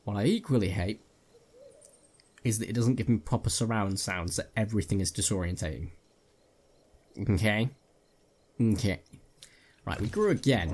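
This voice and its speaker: A man's voice: lowish voice, normal speed, pauses often, a little mellow. A man giving jokey live gameplay commentary, talking to his viewers while he plays, on a headset mic. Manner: jokey, jumpy, talks to viewers while playing. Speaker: gaming video creator.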